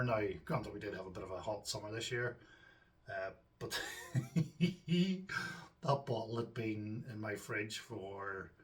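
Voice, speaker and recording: A low-voiced Northern Irish man rambles easily to his viewers, trailing off into ums and side comments. He sits a little back from the microphone, so his voice sounds distant. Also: fairly bright tone. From Northern Ireland. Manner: rambling and chatty, with frequent ums and asides to viewers. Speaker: homebrewing channel host. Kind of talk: casual chat to camera.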